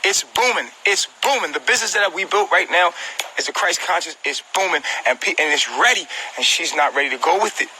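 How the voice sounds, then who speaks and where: A man's voice: a little high, expressive, brisk, pushed and bright, slight background noise, low-quality recording. Agitated, upset man venting on a phone livestream. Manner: agitated, repetitive, profane, talks directly to viewers. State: upset and hurt. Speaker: vlogger on a live stream. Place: at home, indoors.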